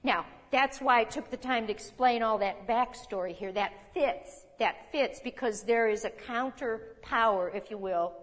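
An older woman teaches scripture in a folksy, conversational way, dropping chuckling asides and rhetorical questions. Her voice sits fairly high. It carries a long reverb, as in a big hall. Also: measured pace, hardly any pauses, a bit bright. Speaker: Bible teacher.

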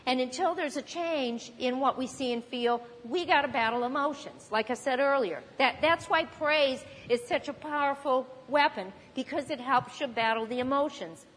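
A woman's voice: sits high, a bit bright, breathy edge. A woman preaching a sermon in a conversational teaching manner, now and then acting out panicked voices. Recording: long hall reverb.

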